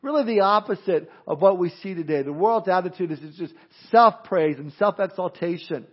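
Male preacher, high voice, homespun and emphatic, dull lo-fi recording. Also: animated, moderate pace, breathy edge. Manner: plain-spoken, emphatic, mimics people for effect. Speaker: preacher teaching through a book of the Bible. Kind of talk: conversational sermon.

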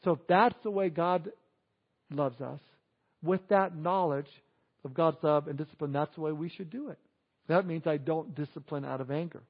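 A man preaching a sermon as a pastor, animated, acting out quoted people in exaggerated voices. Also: fairly high pitch, moderate pace, muffled recording.

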